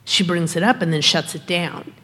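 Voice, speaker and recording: A woman's voice: fairly low pitch, moderate pace, fairly bright tone. A woman sharing thoughts in a group discussion, searching for words as she goes. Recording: long hall reverb.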